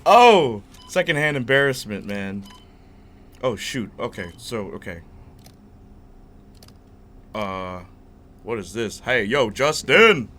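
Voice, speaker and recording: A man's voice: fairly low pitch, expressive, slow, pauses often, pushed and bright, slight background noise. A young man hosting a gaming channel, rambling and telling stories in casual chat while he plays. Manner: rambling, chatty storyteller. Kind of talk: casual gameplay commentary.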